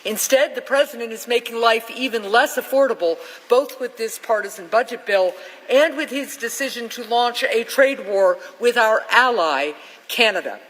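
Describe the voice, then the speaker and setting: A woman senator speaks in a measured, insistent way while she makes a formal floor speech. Her voice carries a long echo through a large legislative chamber. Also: a little high, fairly bright tone.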